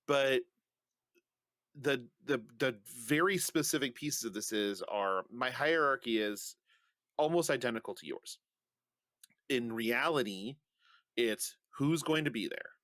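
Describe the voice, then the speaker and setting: A man's voice: medium pitch, expressive, moderate pace, a bit bright, dry recording, clean studio sound. A man co-hosting a podcast in casual chat, joking and swearing bluntly. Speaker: podcast co-host.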